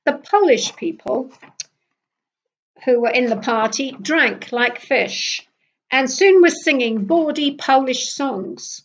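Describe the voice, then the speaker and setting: An older woman from Britain reading her travel memoir aloud in a lively, wry storytelling manner. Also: sits high, takes it slowly, lo-fi sound.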